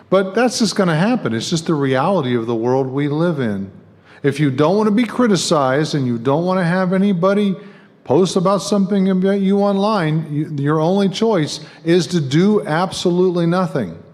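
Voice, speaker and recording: A middle-aged guest preacher gives a sermon in a church sanctuary, chatting with the congregation and throwing in joking asides. His voice is on the high side, expressive and a little mellow, at a normal speed, with long church-hall reverb on the recording.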